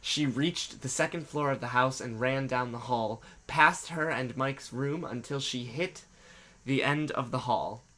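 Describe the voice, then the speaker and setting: Bright-voiced man reading fanfic. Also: medium pitch, measured pace. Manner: dramatic reading broken by jokes and swearing. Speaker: reader and co-host.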